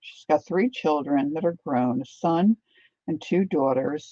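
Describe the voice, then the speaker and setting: A middle-aged artist livestreams her painting, chatting casually with viewers, greeting them by name, and laughing often. Her low, warm voice moves slowly in a dry recording with slightly dull lo-fi sound.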